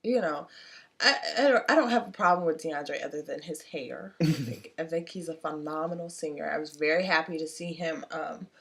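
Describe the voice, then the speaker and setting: A woman's voice: sits low, normal speed, fairly bright tone. A young woman co-hosting a casual review chat, playful and teasing, gushing over her favorites. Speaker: co-host reviewing singing contest.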